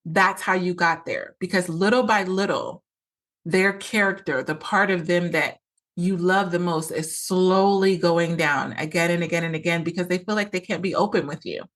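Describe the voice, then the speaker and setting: A woman's voice: on the low side, moderate pace, fairly bright tone. Earnest woman coaching on a podcast. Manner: earnest, repetitive, acts out quoted lines. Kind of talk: solo podcast monologue.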